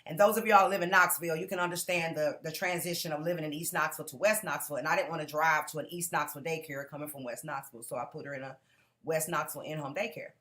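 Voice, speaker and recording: Earnest low-voiced woman. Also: steady tone, fast, fairly bright tone. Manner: earnest, direct, keeps calling out to the audience. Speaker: conference speaker giving a testimony. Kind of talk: personal testimony to a live audience.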